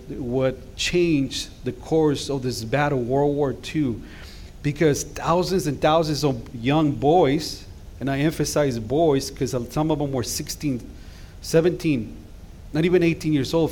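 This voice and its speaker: A man's voice: on the high side, a little mellow. A middle-aged man, a guest pastor preaching an impassioned sermon in a church that swells into emphatic calls to action. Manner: impassioned, rising to emphatic exhortations. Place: church sanctuary.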